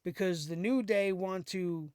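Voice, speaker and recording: A man with a fairly high, smooth, resonant voice rants through a casual show recap, sarcastic and exasperated, chuckling now and then. The sound is dry and close, with no room around it. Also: unhurried, darkish tone, no room sound. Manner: sarcastic, exasperated ranting with laughs. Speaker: wrestling show host.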